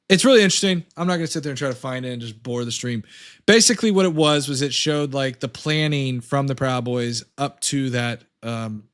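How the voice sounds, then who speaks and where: A man's voice: medium pitch, a bit bright. A man hosting a casual livestream talk show, rambling and hesitant with many fillers.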